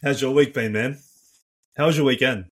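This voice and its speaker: A man's voice: mid-range voice, slightly rough. A man co-hosting a casual podcast who jokes along and laughs easily. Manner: joking and quick to laugh, lively intonation. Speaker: podcast co-host.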